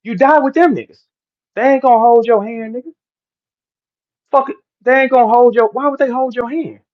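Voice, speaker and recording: On a heated livestream, a middle-aged battle rapper from St. Louis, in the Midwest US, rants at and lectures his listeners in a preachy, profane way. His voice is extremely high and slightly fast, and the recording is muffled.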